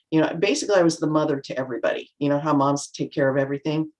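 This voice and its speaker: A middle-aged woman on a video call, chatting reflectively as a panel guest and acting out remarks in lively voices. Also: deep voice, fast talker, few pauses. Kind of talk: casual chat.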